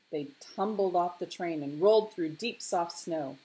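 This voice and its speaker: A woman reading a children's picture book aloud, expressive and measured. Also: lowish voice. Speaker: storyteller.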